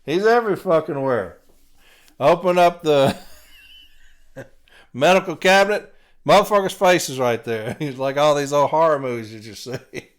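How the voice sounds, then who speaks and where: Guy doing a solo podcast rant, swears constantly, goes from low mumbling to loud yelling, voice a bit high for a man. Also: expressive, measured pace, long pauses. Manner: blunt, profane, swings from mutters to loud rants. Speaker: podcast host. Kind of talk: casual podcast monologue.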